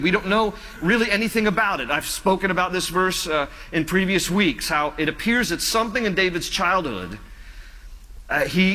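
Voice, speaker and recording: A male pastor preaching a sermon in an earnest, pleading way, slowing down and dropping softer on key phrases. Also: sits high, long reverb tail.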